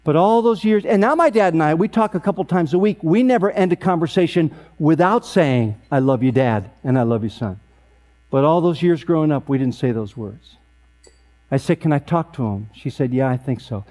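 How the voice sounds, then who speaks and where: A man in his sixties, emceeing an awards event, telling a funny family story in a deadpan way with sharp comic timing. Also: a little high, normal speed.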